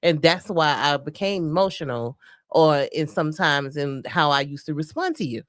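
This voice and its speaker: A woman's voice: sits low, normal speed, dry recording, studio quality. A woman from the Southern United States co-hosting a marriage podcast, speaking earnestly and openly about her feelings. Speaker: podcast co-host. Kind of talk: casual conversation with spouse.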